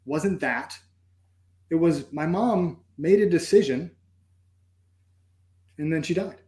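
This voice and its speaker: A man's voice: a little high, slow, darkish tone, echoey room. A man, a podcast guest, telling a personal story in an earnest, reflective way and acting out his own inner thoughts. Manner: earnest, reflective, acts out inner dialogue with "I'm like".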